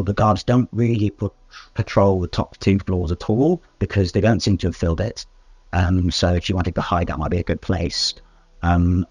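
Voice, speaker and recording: Husky-voiced man running a tabletop game. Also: low-pitched, a little mellow, dry recording. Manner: hesitant, many fillers and restarts. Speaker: game master.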